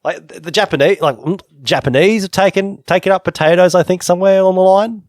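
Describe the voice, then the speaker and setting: A man's voice: sits high, quick pace, a little mellow, no echo, clean studio sound. A man hosting an interview podcast, chatty and jokey, wandering off on tangents. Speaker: podcast host. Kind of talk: casual interview chat.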